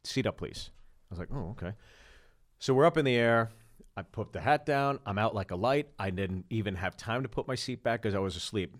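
A podcast co-host with a lowish voice tells stories fairly quickly in a casual chat. He's an animated storyteller who acts out the quoted lines and swears freely.

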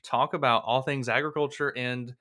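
A man's voice: mid-range voice, fairly even intonation, normal speed, pushed and bright. A man hosting a podcast, upbeat and laughing easily while chatting with his guest. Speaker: podcast host. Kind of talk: casual interview chat.

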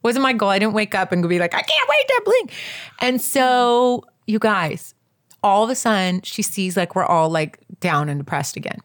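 A woman casually telling a story as a podcast co-host, animated and acting out quotes with big jumps in pitch. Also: moderate pace.

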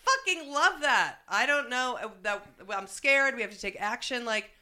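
A woman's voice: fairly high pitch, expressive, moderate pace, sharp tone. A woman hosting a casual chat, enthusiastic and swearing freely. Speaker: host.

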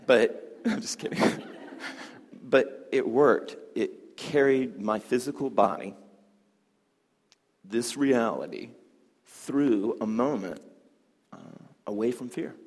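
A man teaching a hoop dance class, chatty and animated, telling stories and laughing often. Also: mid-range voice, takes it slowly. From Southern United States. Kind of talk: class talk with storytelling. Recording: long hall reverb.

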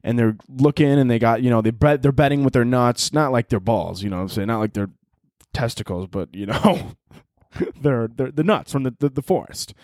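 A man's voice: medium pitch, moderate pace, darkish tone, dry recording. Rambling, foul-mouthed man in a dry booth. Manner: rambling, profane, self-interrupting. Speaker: podcast host. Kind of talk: casual comedic monologue.

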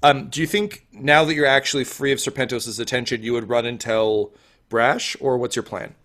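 A man's voice: medium pitch, fairly even intonation, moderate pace, fairly bright tone. A man narrating a tabletop game as game master, playful and jokey. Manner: playful, jokey, switching into character voices.

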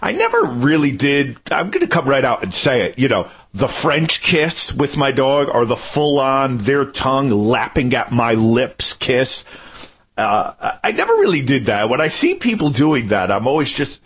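A man delivers a comic radio rant in a jokey, incredulous tone. His pitch swings widely and his voice has a slight rasp. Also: normal speed. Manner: animated, incredulous, jokey ranting. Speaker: radio show regular segment host. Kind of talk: comic monologue.

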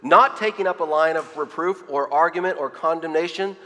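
A man's voice: fairly high pitch, brisk, bright, forceful tone. A middle-aged man preaching a sermon, earnest, often repeating his words as he reads quotes aloud. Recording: long hall reverb.

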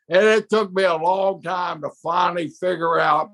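A man's voice: high voice, fairly even intonation, normal speed, few pauses, fairly bright tone. A man from Oklahoma casually telling a story in a rambling, salty way, stumbling over his words and restarting. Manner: rambling, salty, self-interrupting. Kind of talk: casual chat.

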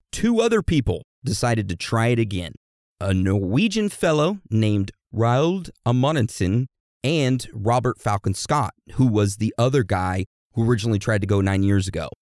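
Profane man telling history, lively pitch. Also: no echo, clean studio sound. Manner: profane, irreverent, slangy; addresses listeners like a class. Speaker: storyteller explaining history. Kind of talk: crude comedic history lesson.

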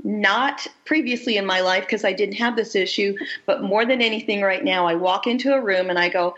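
A woman's voice: on the high side, moderate pace, few pauses, a bit bright. A woman in a casual Christian women's talk show, speaking candidly and with self-deprecating humor. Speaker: podcast co-host. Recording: dull lo-fi audio.

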